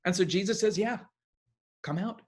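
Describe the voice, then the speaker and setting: A man preaching a sermon in a conversational, animated way, often restarting his phrases. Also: high-pitched, moderate pace.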